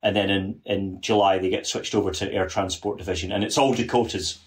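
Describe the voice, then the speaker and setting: Low-voiced man talking military history. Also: fairly even intonation, brisk. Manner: earnest, detailed, many restarts. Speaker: podcast guest, author. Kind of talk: casual history podcast chat.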